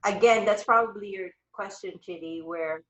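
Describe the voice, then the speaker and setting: A woman's voice: medium pitch, moderate pace, a bit bright, roomy sound, muffled recording. A woman hosting a live wellness chat over a video call, talking in a rambling, upbeat way. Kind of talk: casual chat.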